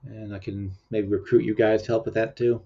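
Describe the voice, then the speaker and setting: A man hosts a relaxed livestream, rambling through casual chat with frequent laughs. He sounds sleepy and keeps yawning, his voice sitting fairly low. The audio is dull and lo-fi. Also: a little fast, vocal fry. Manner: rambling, chatty, laughs often. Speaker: livestream host.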